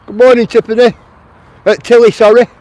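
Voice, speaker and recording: A man's voice: extremely high pitch, little pitch movement, brisk, darkish tone. A man with a Lancashire accent, chatting to live-stream viewers while he walks outdoors through a town, answering their comments and calling them mate. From Lancashire, England. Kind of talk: casual walking live stream. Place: outdoors in a town, near traffic.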